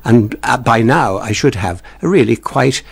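A retired broadcaster, an older man born in England and raised in Ireland, relaxes into an interview about his early life. His mid-range voice is animated, creaky and husky at normal speed, dotted with small chuckles and repeated words as he tells anecdotes.

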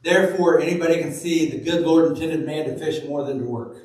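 A man preaching a sermon in a church, reading scripture slowly and telling folksy stories. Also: fairly high pitch, fairly even intonation, a little mellow. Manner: folksy storytelling, slow deliberate reading of scripture. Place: church sanctuary. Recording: very echoey room, from far off.

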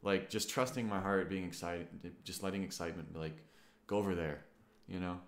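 His voice is low and his pace moderate as this vlogger in his twenties shares a personal story. It comes out meandering, earnest and reflective, packed with fillers and offhand swearing, and the recording has a roomy echo.

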